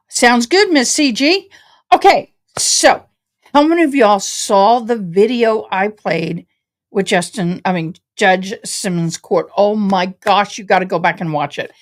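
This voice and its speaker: A woman's voice: mid-range voice, expressive, slow. A woman from Tennessee, chatting casually to her livestream viewers from her home office, a little tired. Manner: chatty, addresses chat as y'all. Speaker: livestream host.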